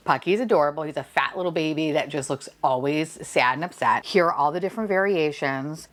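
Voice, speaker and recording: Young woman, unboxing vlogger, excitable, swears a lot, very lively pitch. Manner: excitable, swears freely, squeals and laughs at finds. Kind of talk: casual unboxing vlog chat.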